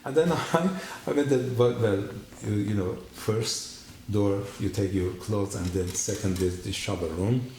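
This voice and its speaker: A man giving his personal testimony at a church, telling his story in an animated way and acting out the dialogue. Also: fairly low pitch, unhurried, hardly any pauses, slight background noise. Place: church hall. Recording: echoey room.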